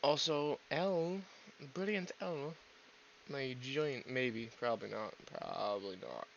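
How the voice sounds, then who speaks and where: Man, gaming commentary, gravelly fry, rambling, swears a lot, self-deprecating, dull lo-fi mic. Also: on the high side, slow pace, fairly bright tone, a little hiss or hum. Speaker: gaming video host. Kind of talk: casual gameplay commentary.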